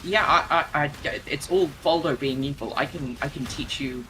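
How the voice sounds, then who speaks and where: Guy doing a sneaky wheedling ghost king, kinda higher and bright, rambly and halting. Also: slight background noise, rough recording. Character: scheming spirit-king, falsely friendly, then furious.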